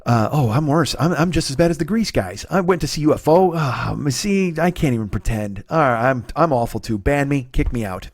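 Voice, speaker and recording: A man's voice: medium pitch, lively intonation, moderate pace, hardly any pauses, no room sound. A man in his forties hosting a comedy podcast, ranting profanely with stammering restarts and sarcasm.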